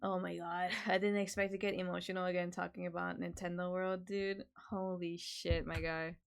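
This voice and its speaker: A woman's voice: fairly low pitch, little pitch movement, normal speed, gravelly, clear, resonant tone. A young woman streamer chatting casually at home, swearing a lot and laughing often. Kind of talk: casual chat.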